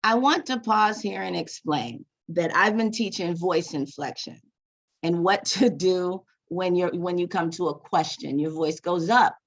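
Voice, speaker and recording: A woman's voice: on the low side, a little slow. A woman teacher giving a professional development talk to other teachers, conversational and often restarting and correcting herself mid-phrase. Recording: dull lo-fi sound.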